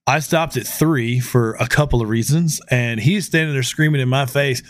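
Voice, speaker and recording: A man hosts a podcast in a relaxed chat, recorded close and dry. He tells stories with energy and acts out what others said. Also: mid-range voice, moderate pace, few pauses, no room sound. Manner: animated storyteller, acts out quotes. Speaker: podcast host.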